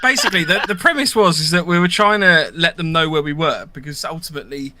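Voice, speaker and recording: A man's voice: on the high side, quick pace, pushed and bright, no echo. A man co-hosting a podcast, chatty and self-mocking, laughing as he tells his stories. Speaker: podcast co-host. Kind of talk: casual podcast chat.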